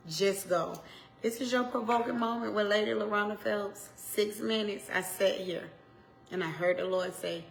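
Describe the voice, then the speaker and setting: A woman in her forties, a minister, preaching a motivational message to her viewers, emphatic and repetitive, swinging between loud urging and soft asides. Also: mid-range voice, fairly even intonation, normal speed, creaky, a little hiss or hum. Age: 40s.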